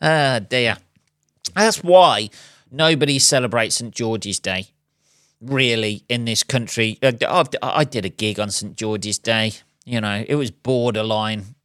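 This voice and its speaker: A man's voice: mid-range voice, slow pace, fairly bright tone, clear, resonant tone, no room sound, studio quality. A man hosting his own podcast, rambling through a profane, wry monologue with chuckling asides. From England. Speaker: podcast host and comedian.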